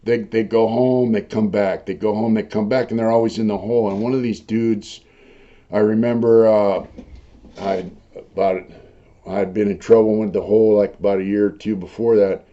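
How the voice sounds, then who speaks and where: An older man telling his own prison stories in a rough, profane, rambling way, full of fillers. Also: lowish voice, fairly even intonation, normal speed, dark tone. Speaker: host recounting prison life. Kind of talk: casual storytelling monologue. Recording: dull lo-fi recording.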